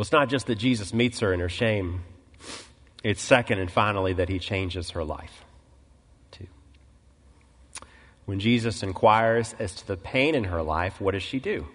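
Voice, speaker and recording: A male pastor preaching a sermon, telling a story and acting out the quoted voices, clearing his throat often. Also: sits low, animated, measured pace, long pauses, a bit bright, in a large hall. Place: church sanctuary.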